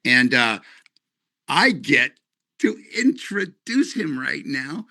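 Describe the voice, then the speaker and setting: A man from Canada hosting a company webinar, his voice bright and forceful. He rambles, jokes and gets animated while he talks to the audience. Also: medium pitch, slow pace. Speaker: company leader. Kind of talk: live webinar presentation.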